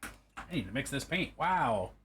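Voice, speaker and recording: A man's voice: mid-range voice, very animated, unhurried, background noise. A man casually chatting and swearing to himself while painting a miniature on a live stream. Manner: profane, joking, talks to himself while working.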